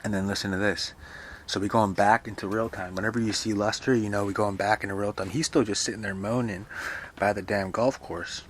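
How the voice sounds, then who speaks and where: A man's voice: fairly low pitch, steady tone, fairly quick, slight background noise. A man reading a novel aloud and explaining it in a casual, profane, chatty way. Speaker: reader and explainer.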